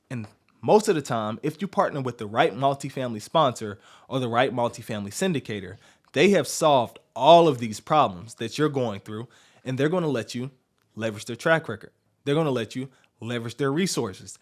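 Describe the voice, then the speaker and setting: Guy hosting a podcast, punchy coaching talk, asks questions then answers em, mid-pitched. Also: expressive, moderate pace. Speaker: podcast host.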